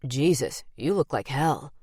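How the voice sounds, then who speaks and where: A man's voice: mid-range voice, lively intonation, unhurried, a little mellow, breathy edge, dry recording, studio quality. A woman reading the part of a blunt, teasing older male FBI agent in an audiobook. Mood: gruff.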